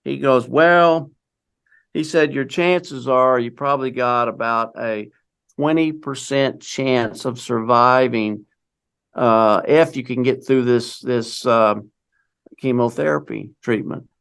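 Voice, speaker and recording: A man's voice: medium pitch, fairly even intonation, unhurried, vocal fry, fairly bright tone, clean tone. A middle-aged man telling a personal story in a casual, rambling way, quoting what others said to him. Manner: rambling, with many restarts and quoted dialogue. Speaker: guest telling his story.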